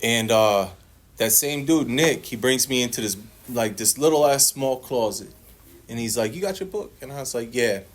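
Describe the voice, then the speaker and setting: A man's voice: mid-range voice, normal speed. A man speaking at a recovery meeting, sharing his personal testimony in a blunt, profane, storytelling way and acting out other people's lines.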